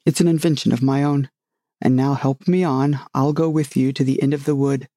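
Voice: medium pitch, steady tone, fairly quick, warm tone, dry recording, studio quality, close to an everyday voice. A storybook reader voicing a grave, muddled old knight who rambles proudly about his own inventions. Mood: earnest. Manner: grave, rambling, self-satisfied.

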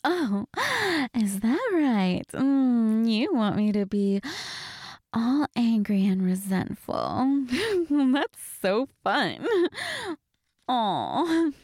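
A woman voicing a defiant young waitress in a scripted audio role-play, teasing and sarcastic, then pleading, with a breathy voice. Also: sing-song, extremely slow, a little mellow, dry recording, clean studio sound, full character voice. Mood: bratty. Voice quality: breathy, swings between low murmurs and high cries.

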